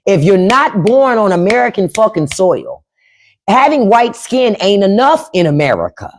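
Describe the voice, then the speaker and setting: Blunt woman ranting on a live stream. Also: mid-range voice. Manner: blunt and profane, talking back to chat. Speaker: podcast host on a livestream. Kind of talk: unfiltered political livestream rant. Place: at home.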